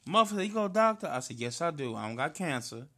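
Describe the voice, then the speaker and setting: St dude riffing with his cousin, loud and animated, slightly high voice. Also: quick pace, heavy background noise. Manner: loud, animated storyteller, slangy and emphatic. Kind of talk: casual chat between cousins.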